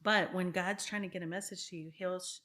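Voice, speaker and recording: Earnest, reflective woman guest, lowish voice. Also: steady tone, a little fast. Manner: earnest, reflective, with frequent restarts and soft laughs. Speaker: guest, real estate broker. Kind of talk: casual interview talk.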